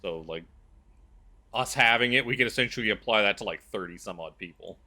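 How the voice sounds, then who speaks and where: A man's voice: lowish voice, brisk, pushed and bright. A man playing in a tabletop game, chatting casually about rules, rambling and correcting himself. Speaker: player.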